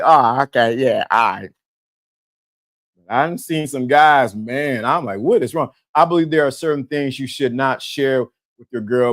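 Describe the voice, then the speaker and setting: Animated laughing man hosting a live stream. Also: a little high. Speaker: host. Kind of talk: live-stream talk with chat.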